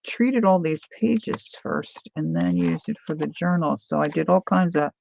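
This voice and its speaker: A woman's voice: deep voice, animated, a little slow, gravelly, a little mellow, lo-fi sound, a little hiss or hum. A woman hosting a live crafting stream, chatting casually and thinking aloud while she works, with playful sound-words. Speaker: crafting livestream host.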